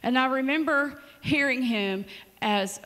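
A woman's voice: sits high, unhurried, in a large hall. A woman preaching a sermon in a church, telling stories with dramatic asides. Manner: storytelling, lively and dramatic asides. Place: church sanctuary.

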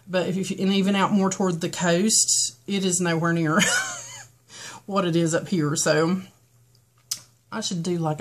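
A woman with a toned-down North Carolina foothills accent, chatting casually and rambling through a get-ready-with-me beauty vlog. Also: on the low side. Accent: Southern US, North Carolina foothills, toned down. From western North Carolina, US. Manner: chatty, rambling, frequent ums and restarts. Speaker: beauty vlogger.

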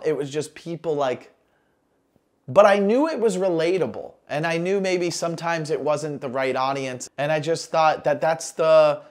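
A man in his forties, a comedian talking casually about how one of his jokes was made, relaxed and conversational. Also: fairly high pitch. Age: 40s. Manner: relaxed, conversational, with small restarts. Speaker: stand-up comedian. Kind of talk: casual talk explaining a joke.

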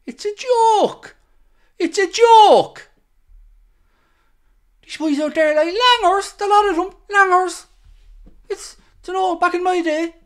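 A man's voice: extremely high pitch, slow, long pauses, pitched above the performer's own voice. A man doing an impression of a furious, grumbling older male football pundit, ranting in disgust. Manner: ranting, disgusted, old-school scolding.

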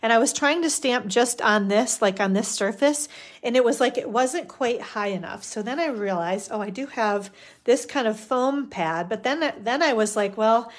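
A woman's voice: on the high side, moderate pace. A middle-aged woman hosting a live stamping demo, chatting casually and rambling with fillers as she works. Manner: chatty, rambling, self-talk with fillers and little laughs.

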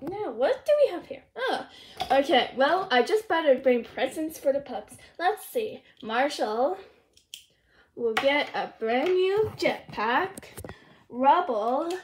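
A woman's voice: high-pitched, animated, takes it slowly. A woman voicing a jolly old Santa in a noisy home recording, murmuring to himself as he hands out gifts. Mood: musing.

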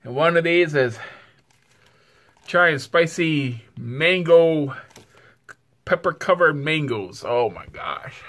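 Lively man sighing through spicy heat. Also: a little high, takes it slowly, long pauses. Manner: exclaiming and sighing between words. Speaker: food vlogger. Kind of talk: casual vlog.

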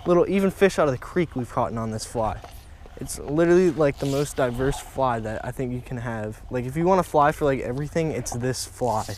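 A young man narrates his fishing trip to the camera in a casual, excitable way, repeating phrases and calling out to his viewers. His voice sits in an ordinary middle pitch. He is recorded outdoors by a pond with a light hiss of ambient noise behind him. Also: fairly quick. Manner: excitable, repeats himself, keeps saying "guys" and "oh my gosh". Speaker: fishing vlogger. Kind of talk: casual outdoor vlog commentary.

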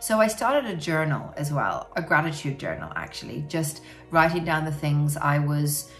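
Low, gravelly-voiced woman talking candidly. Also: big pitch swings, moderate pace, a bit bright, faint music behind. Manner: reflective, frank, many "you know" fillers. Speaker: parent sharing personal experience. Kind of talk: candid personal talk to camera.

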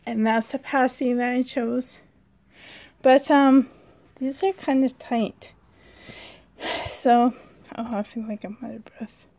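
A woman vlogger chatting excitedly from a dim room at home, her voice sitting a little high. She talks at a slow, unhurried pace and now and then drops to a hushed whisper. The sound comes from a handheld camera held indoors. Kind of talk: casual vlog chat.

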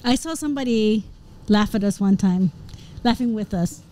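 A woman, a home chef appearing as a guest, chatting in a friendly way and asking quick questions. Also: mid-range voice, dark tone, a little hiss or hum. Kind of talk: casual chat.

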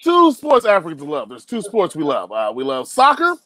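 A stand-up comedian in his thirties, from Liberia, who is animated and laughs through his punchlines. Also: on the high side, moderate pace. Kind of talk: stand-up set and interview. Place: studio in Los Angeles.

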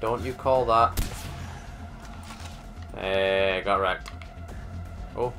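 A man giving live gameplay commentary, excitable and swearing a lot, talking at the enemies on screen. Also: on the low side, extremely slow, soft background music. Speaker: gamer doing a let's play.

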